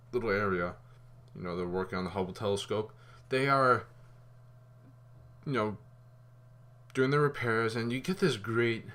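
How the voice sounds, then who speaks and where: A man giving a casual spoken movie review, rambling and animated, with fillers and some swearing. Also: mid-range voice.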